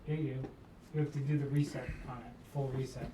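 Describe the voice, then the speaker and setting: A man playing in a tabletop game stream, chatting excitably and swearing freely from home. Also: medium pitch, fast. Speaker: player. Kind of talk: casual chat on a live tabletop stream. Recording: roomy, distant mic, faint noise.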